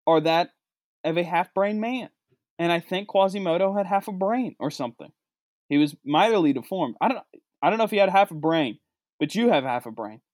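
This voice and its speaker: A man delivering a sarcastic comedic rant, swinging between low mutters and high outbursts. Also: darkish tone, no echo, studio quality. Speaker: comedic vlogger.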